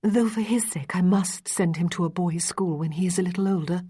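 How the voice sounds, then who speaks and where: Woman doing anxious young Regency mother, whispery, soft, low, husky, audiobook. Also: fairly quick. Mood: wistful.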